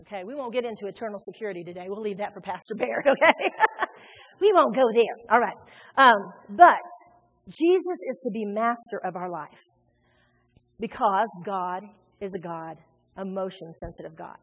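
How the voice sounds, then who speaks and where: A woman preaching a sermon in a church, animated and conversational, joking with her congregation. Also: mid-range voice, moderate pace, slightly rough. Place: church sanctuary. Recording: long hall reverb.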